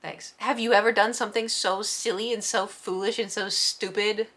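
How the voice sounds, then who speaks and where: A woman's voice: mid-range voice, steady tone, normal speed, a bit bright. A woman vlogger telling a rambling, self-deprecating story in a casual storytime vlog.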